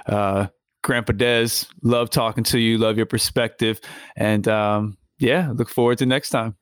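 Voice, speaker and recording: A man co-hosting a casual wrestling podcast, halting and repeating words as he talks. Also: fairly low pitch, steady tone, clear, resonant tone, dry recording, studio quality. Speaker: podcast co-host.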